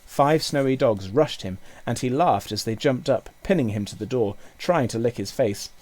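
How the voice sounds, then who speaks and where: A male teacher reading a children's book aloud with expressive storytelling. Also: medium pitch, moderate pace. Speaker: primary school teacher.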